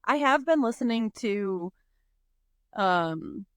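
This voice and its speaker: A woman guesting on a podcast in casual chat, relaxed and agreeable. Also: medium pitch, takes it slowly, no echo, clean studio sound.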